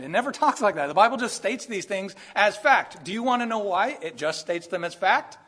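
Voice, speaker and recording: Male pastor, lively sermon delivery with sudden bursts of emphasis. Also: high voice, fairly quick, few pauses, husky. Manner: animated, acts out quoted voices, rising to bursts of emphasis.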